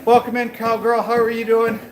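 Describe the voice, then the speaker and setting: A high-pitched man chats with viewers while he walks on a treadmill at home, rambling and loose with plenty of fillers. His voice bounces around an echoey room. Steady noise hums behind him. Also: fairly quick. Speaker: fitness livestreamer. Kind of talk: casual chat while working out, talking to viewers.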